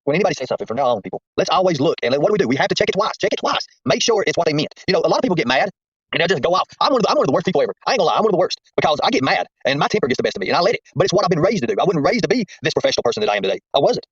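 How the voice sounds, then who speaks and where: A man talks at a rapid clip in a folksy, sermon-like way, circling back to repeat his points. His voice is a little husky. The stream audio is dry, muffled and lo-fi. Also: on the high side, sing-song. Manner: folksy, preachy, repeats himself. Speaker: livestream host. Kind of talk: casual livestream chat.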